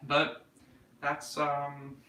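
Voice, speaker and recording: A man's voice: a little high, completely flat delivery, drawn-out words, bright, forceful tone, echoey room, far from the mic, rough recording. A man in his twenties with a North Carolina Southern accent, hosting a casual livestream chat, rambling, joking and swearing as he reads comments. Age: 20s. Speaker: livestream host.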